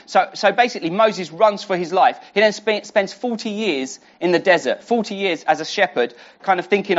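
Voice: medium pitch, moderate pace, few pauses. Conversational preacher on a dull lo-fi recording. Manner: conversational, with frequent restarts and rhetorical questions. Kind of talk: sermon teaching a Bible passage.

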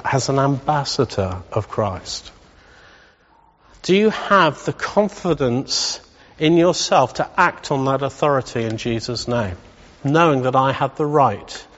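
A man's voice: medium pitch, fairly bright tone. A middle-aged man preaching a sermon in a church, emphatic and building to rousing repetition. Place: church hall. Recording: dull reverberant church hall.

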